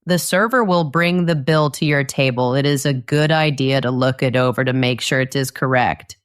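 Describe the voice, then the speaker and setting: A woman narrating a scripted English lesson, speaking clearly and patiently and acting out short dialogue lines. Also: a bass voice, normal speed. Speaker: English teacher.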